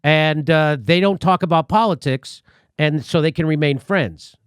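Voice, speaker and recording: A male comedy host rants sarcastically and swears freely as he reacts to news clips. His voice sits a little high. The sound is dry and close, with no room in it. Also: measured pace, clear, resonant tone, no echo. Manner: sarcastic, profane ranting. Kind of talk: comic political commentary.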